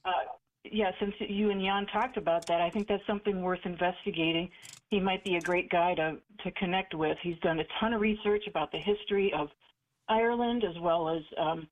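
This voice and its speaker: A woman calls in to a radio talk show and chats eagerly, with plenty of fillers. Her voice sits low for a woman. She comes through a thin, tinny phone line. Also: steady tone, brisk. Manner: eager, chatty, many fillers. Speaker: caller.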